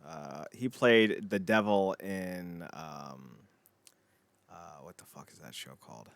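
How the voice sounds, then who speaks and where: Low-ish guy rambling on a podcast, swears a lot, dry close sound. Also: takes it slowly, creaky, dry recording. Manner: rambling, profane, trails off and mumbles. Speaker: podcast co-host. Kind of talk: casual podcast chat.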